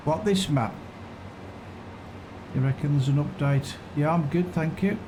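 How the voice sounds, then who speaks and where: A man's voice: a little high, unhurried. Man musing through a farming stream. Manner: musing, unsure, chats with viewers. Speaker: game streamer. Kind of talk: casual live-stream commentary. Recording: constant background noise.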